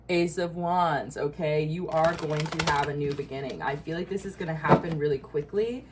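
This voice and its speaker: A woman's voice: low voice, moderate pace, hardly any pauses, noisy background. A woman giving a casual tarot reading, blunt and profane, with frequent asides and laughs. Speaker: tarot reader.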